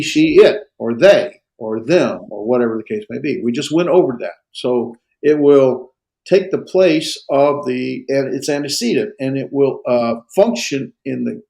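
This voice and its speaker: A man lecturing on grammar to a small class, his voice gravelly with a creaky edge. He talks in halting bursts, full of "uh" and restarts. The sound is roomy and echoey. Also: mid-range voice, a little mellow. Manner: hesitant, many fillers and restarts. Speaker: Greek instructor.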